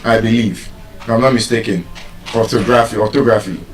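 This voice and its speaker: A man's voice: on the low side, steady tone, a little fast. A man with a Nigerian accent teaching pronunciation in a live lesson, stretching out and repeating example words. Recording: echoey room, far from mic.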